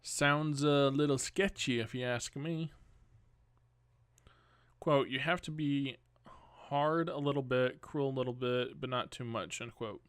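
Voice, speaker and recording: Young male podcast host, unhurried news reading with offhand commentary, dry mic. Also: mid-range voice, fairly even intonation, clear, resonant tone, no room sound. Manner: casual, rambling asides and self-corrections.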